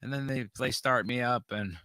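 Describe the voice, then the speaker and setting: A man's voice: mid-range voice, moderate pace, sharp tone, smooth, dry recording. A man co-hosting a casual podcast chat, sarcastic and profane, mocking what he talks about. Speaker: podcast co-host.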